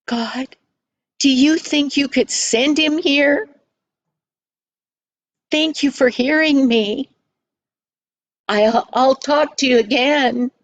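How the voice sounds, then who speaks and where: A woman's voice: high voice, highs cut off, voice pushed up. A grandmother doing a shy little girl's first prayer. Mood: earnest. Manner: earnest, halting. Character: young girl praying for the first time.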